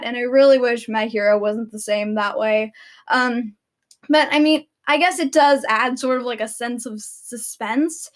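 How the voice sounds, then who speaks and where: A teenage girl vlogging, chatting casually and rambling with many fillers and restarts. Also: a little high. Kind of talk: casual chat.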